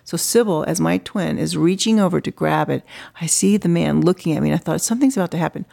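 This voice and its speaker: A woman's voice: fairly low pitch, quick pace, vocal fry, dark tone. A middle-aged woman artist, a guest in an interview, telling a story in a chatty way full of "you know" fillers. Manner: chatty, lots of "you know" fillers, acts out quoted voices.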